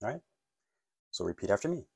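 Deep-voiced patient male English teacher. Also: sing-song, a little fast, vocal fry, dark tone, husky, no room sound, studio quality. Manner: patient, encouraging, asks learners to repeat phrases. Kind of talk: online language lesson.

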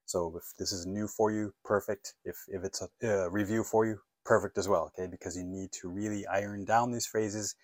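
Deep-voiced patient male English teacher. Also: steady tone, normal speed, few pauses, a little mellow, no echo, studio quality. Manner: patient, encouraging, asks learners to repeat phrases. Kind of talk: online language lesson.

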